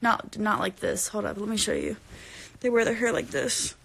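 Tired from no sleep, a singer livestreams to fans from home at bedtime, holding her phone camera close as she rambles, giggles, reads their comments and sometimes drops to a whisper. Her mid-range voice swoops wildly in pitch at a moderate pace, sounding gravelly and fairly bright, with slight background noise.

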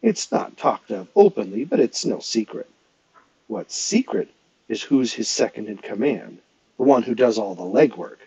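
A man's voice: lowish voice, sing-song, moderate pace, vocal fry, warm tone, dry recording, heavily acted, rough recording. A man reading aloud and voicing a smug teenage page who talks in a knowing, confiding way.

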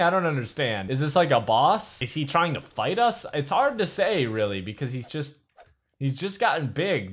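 A man hosting a comedic game video, talking to his character in an excitable way, mumbling one moment and shouting the next. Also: fairly high pitch. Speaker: host narrating a game video. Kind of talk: comedic gameplay narration. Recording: music playing in the background.

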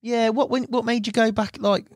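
A man's voice: very high-pitched, flat delivery, normal speed, dry recording, studio quality. A man hosting a podcast who asks questions and gives short encouraging replies. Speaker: podcast host. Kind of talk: interviewing.

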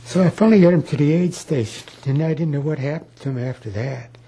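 A man's voice: a little high, fast, warm tone, breathy edge. A man in his eighties, a war veteran, recalling his wartime days in a plain-spoken, rambling oral history. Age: 80s.

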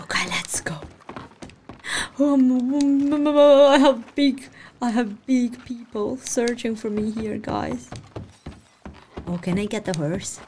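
A woman's voice: on the high side, steady tone, slow, dark tone, a little hiss or hum. A woman hosting a casual let's-play, reacting to the game in a gushing, emotional way, talking into a desk microphone. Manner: gushing, emotional, easily delighted. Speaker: gaming channel host.

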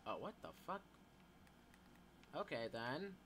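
Man, gameplay commentary, swearing a lot, lively pitch, faint background hum. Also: slow pace. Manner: profane, excitable, joking. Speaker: gaming YouTuber.

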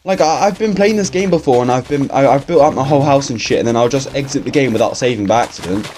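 A man's voice: mid-range voice, fast, a little mellow, a little hiss or hum. A young man, talking through a game in a casual, swear-filled, grumbling ramble. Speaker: gaming YouTuber. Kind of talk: casual let's-play commentary.

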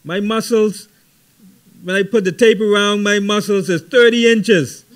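A man's voice: high-pitched, fairly even intonation, a little slow, voice pushed up. A man voicing a boastful, brawny male construction worker who scoffs at the idea of loving God. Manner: incredulous, bragging.

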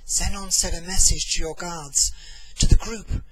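A man's voice: high-pitched, fairly even intonation, unhurried, fairly bright tone, husky, faint music behind, exaggerated voice, rough recording. A man reading the lines of a resolute woman commander who gives urgent orders for an attack.

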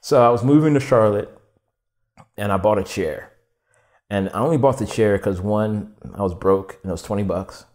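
Animated storytelling man, low voice. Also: moderate pace. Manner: animated, swearing, acting out quotes with many "like"s. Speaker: podcast guest, furniture designer. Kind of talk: casual storytelling interview.

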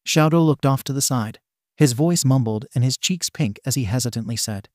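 A man reading fan fiction aloud as narrator in an even, steady way. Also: medium pitch, moderate pace, no echo, clean studio sound.

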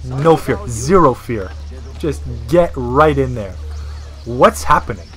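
A man's voice: mid-range voice, lively intonation, slow, fairly bright tone, faint music behind. A man casually commentating a video game, talking in a rambling, crude, profane way. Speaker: gameplay commentator.

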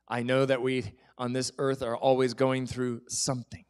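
A man's voice: medium pitch, moderate pace, smooth. A man preaching to his congregation. He talks in an easy, conversational way with a touch of humor. At his most earnest moments he sinks to a near-whisper. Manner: drops to a soft whisper for emphasis; lively, conversational, sometimes joking. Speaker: pastor. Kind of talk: sermon.

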